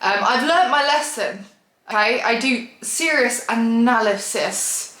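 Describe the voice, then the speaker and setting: A young woman tells a storytime tale, animated and exasperated, breaking into laughter now and then. Her voice sits a little high. The room around her is echoey. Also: takes it slowly. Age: young adult. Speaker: vlogger. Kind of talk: storytime vlog.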